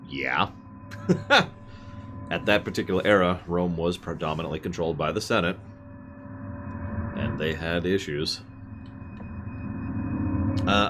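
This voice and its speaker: A man's voice: deep voice, background noise. A man streaming a game and chatting casually, wandering into side tangents as he plays. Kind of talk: casual gameplay commentary.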